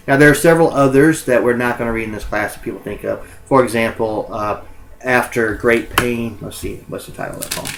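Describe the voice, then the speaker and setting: Male college instructor, mid-pitched, loose recorded lecture, frequent ums and uhs, stops to correct himself. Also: fairly quick, creaky, a bit bright, rough recording.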